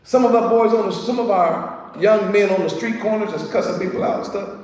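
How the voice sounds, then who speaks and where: A man preaching a sermon in a streetwise, joking way, swinging from soft asides to shouted peaks. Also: high-pitched, a little fast. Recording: echoey hall from far off.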